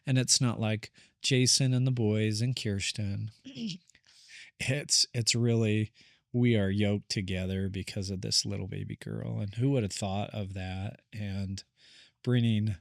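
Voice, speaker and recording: A man who works as a therapist, a guest on a podcast, telling a family story. His voice sits low, and he talks in an earnest, rambling way, acting out what people said. The recording is close and dry. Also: steady tone, unhurried, creaky, no room sound. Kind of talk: casual storytelling conversation.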